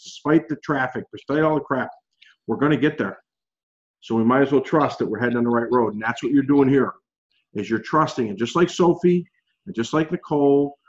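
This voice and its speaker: A man's voice: medium pitch, muffled recording. A man leading a casual group coaching call, talking in a chatty, encouraging way with lots of fillers.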